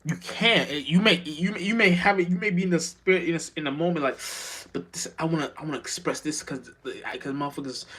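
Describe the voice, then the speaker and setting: A man's voice: a little high, fast, few pauses, fairly bright tone, breathy edge. A man giving an unscripted spiritual monologue as a vlogger, rambling and profane, with many restarts and stammers.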